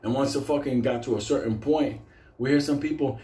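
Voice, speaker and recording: A man casually telling a story, animated and swearing constantly. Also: medium pitch, fairly quick, echoey room.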